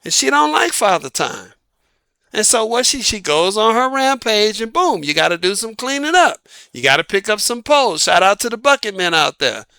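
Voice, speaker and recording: Forceful Southern man lecturing emphatically. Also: sing-song, moderate pace, creaky, smooth, no echo. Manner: emphatic, asks rhetorical questions and answers them, punctuates points with "boom". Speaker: dating advice channel host. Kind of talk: opinionated monologue.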